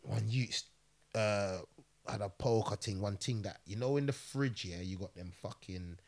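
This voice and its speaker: A man tells prison stories in a relaxed podcast chat. He speaks in street slang, swears freely and keeps checking in with "you get me". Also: lowish voice, measured pace. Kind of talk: casual storytelling chat.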